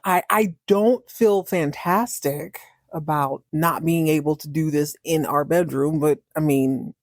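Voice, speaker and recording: A woman voicing an eager young male rodeo cowboy, excited and boyish. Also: sits low, measured pace, no echo, clean studio sound. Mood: sheepish.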